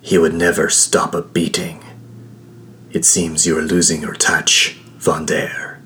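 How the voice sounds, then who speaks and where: A man's voice: low voice, fairly even intonation, a little slow, roomy sound. A man voicing a venomous tyrant queen. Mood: hissing menace. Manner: menacing, venomous. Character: cruel, cold-blooded tyrant queen, adult woman. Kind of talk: audiobook character voice. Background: soft guitar music.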